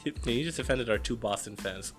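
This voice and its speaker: A young man co-hosting a podcast, chatting casually in slangy, excitable talk and laughing often. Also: mid-range voice, brisk, faint music behind. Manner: animated, slangy, laughs a lot. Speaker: podcast co-host. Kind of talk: casual chat.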